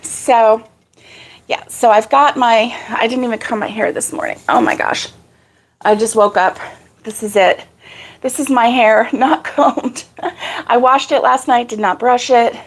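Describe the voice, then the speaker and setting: A woman's voice: a little high, measured pace. A woman hosting a casual live crochet stream, out of breath, chatting and greeting viewers by name. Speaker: crochet channel host.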